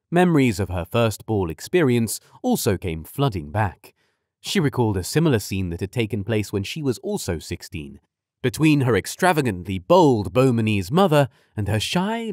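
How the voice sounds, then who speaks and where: Brief: male audiobook narrator, very lively pitch, bone-dry close studio sound. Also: dry recording. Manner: expressive storytelling, voices each character.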